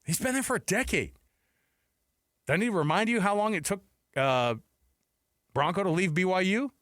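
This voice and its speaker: A man's voice: high voice, lively intonation, normal speed, fairly bright tone, no echo, studio quality. A man co-hosting a sports radio show, talking emphatically and acting out quotes with rhetorical questions. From United States. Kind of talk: animated sports talk.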